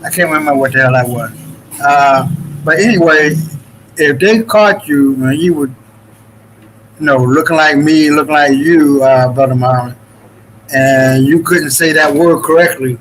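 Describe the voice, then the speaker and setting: A man's voice: on the high side, normal speed, a bit bright, slight background noise, low-quality recording. A man from the Dominican Republic in a casual, rambling talk-show chat, swearing freely and restarting his sentences often. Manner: loose, profane, rambling with many restarts.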